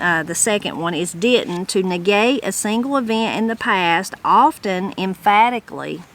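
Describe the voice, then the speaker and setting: A woman with an Appalachian accent hosting a regional culture channel, reading dictionary entries aloud and commenting on them in a relaxed, chatty way with loose restarts. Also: on the low side, slight background noise, rough recording.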